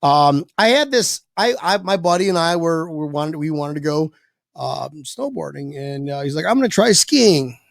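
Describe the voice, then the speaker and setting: A podcast guest tells a casual story in an animated way, swearing freely and acting out other people's voices as he quotes them. His voice is gravelly, creaky, and on the high side, at a normal speed. The sound is close and dry, with no room echo.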